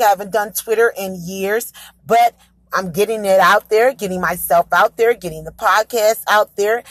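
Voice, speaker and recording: A chatty woman hosts her own casual podcast, upbeat and rambling, stumbling over her words and correcting herself as she goes. Her voice sits at a middle pitch and sounds dry and close, with no room around it. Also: a bit bright, no echo. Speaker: podcast host. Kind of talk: casual solo podcast chat.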